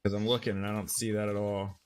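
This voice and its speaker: A man's voice: lowish voice, little pitch movement, fast, slight background noise. A man playing a tabletop game, blunt and dry with an occasional curse. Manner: blunt, swears, dry remarks. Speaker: player. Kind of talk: casual tabletop game talk.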